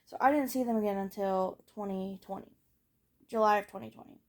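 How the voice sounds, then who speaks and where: A teenage woman casually telling her own life story, frank and rambling, with lots of fillers and swearing, often trailing off softly at the ends of thoughts. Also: mid-range voice, brisk. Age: late teens. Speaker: vlogger.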